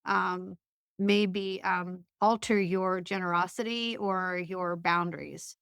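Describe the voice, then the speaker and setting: A woman's voice: medium pitch, fairly bright tone, clean tone, no echo, studio quality. A woman talking as an interview guest, telling personal stories in a chatty way with frequent restarts and fillers. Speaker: guest, author. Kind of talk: casual conversational interview.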